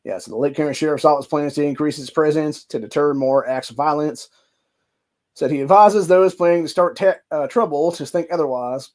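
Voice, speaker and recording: Man, Ohio accent, podcast host, news reading, heated profane commentary, slightly high voice. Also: brisk, darkish tone. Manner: heated, profane ranting between stretches of reading.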